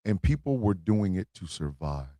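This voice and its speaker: A man's voice: low-pitched, very animated, normal speed, warm tone, no room sound. A man hosting a livestream, delivering a blunt political monologue with emphatic repetition and swearing. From United States. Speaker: host.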